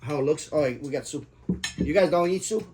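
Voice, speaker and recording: A man's voice: fairly high pitch, brisk, noisy background. A middle-aged father telling rambling, profane stories to his family at the dinner table. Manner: rambling, profane, jokey anecdotes. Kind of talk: casual storytelling at the dinner table.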